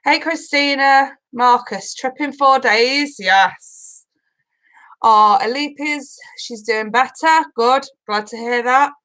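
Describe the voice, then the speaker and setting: A woman's voice: high-pitched, takes it slowly, bright, forceful tone, rough recording. A woman, a tarot reader hosting a live stream in a casual chat, greeting viewers by name, swearing freely and emotional, laughing through it. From United Kingdom.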